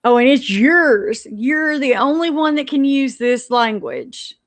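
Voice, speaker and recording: A woman rants indignantly on a live stream in a fairly high voice with lively intonation, tripping over and restarting her sentences. Her pace is slow, and the recording is close and dry, with no room sound.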